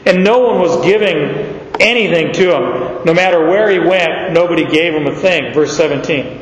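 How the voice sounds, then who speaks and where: A pastor giving an expository sermon in a conversational way, explaining with asides and repeating words as he goes. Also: normal speed. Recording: echoey hall, dull sound, faint rumble.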